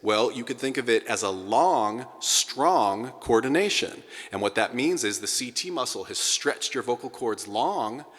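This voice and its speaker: A middle-aged man teaching a singing class, energetic and breaking into sung sounds to demonstrate. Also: on the low side. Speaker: vocal coach. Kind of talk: singing lesson to a group. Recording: hall with long reverb.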